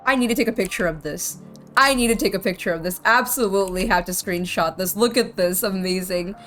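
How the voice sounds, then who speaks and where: Speaking briskly in a medium-pitched, slightly bright voice, a woman streams a game with casual let's-play commentary. She rambles warmly and says "like" a lot, with faint game music in the background.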